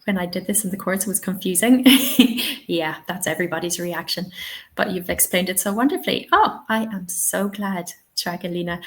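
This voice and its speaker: A woman's voice: lowish voice, low-quality recording. A young Irish woman running a live teaching webinar, answering chat questions in a chatty, upbeat way. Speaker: TEFL webinar trainer.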